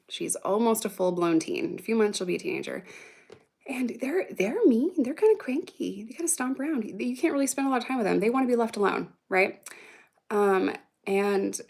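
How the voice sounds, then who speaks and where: Woman, 30s, casual livestream chat, vocal fry, middle pitch, swears a lot, laughs often, reacts to comments. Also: a little mellow. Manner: profane, rambling, laughs often. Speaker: vlogger answering viewer comments.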